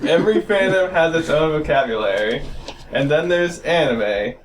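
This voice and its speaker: A playful man hosting a casual podcast, joking with friends and reading aloud. His voice sits a bit high for a man. There is faint noise behind him. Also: expressive, normal speed, far from the mic. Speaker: podcast host.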